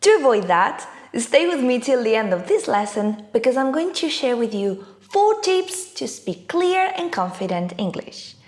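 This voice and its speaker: Lively, emphatic woman English teacher. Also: fairly high pitch, normal speed, few pauses. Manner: clear, emphatic teaching delivery. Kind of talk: scripted online lesson.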